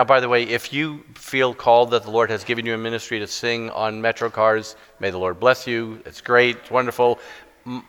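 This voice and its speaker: A middle-aged man preaching a sermon with stories, self-deprecating and halting, with many restarts. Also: medium pitch, a bit bright, clear, resonant tone. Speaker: guest preacher. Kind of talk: sermon with storytelling. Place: church sanctuary. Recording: long church reverb.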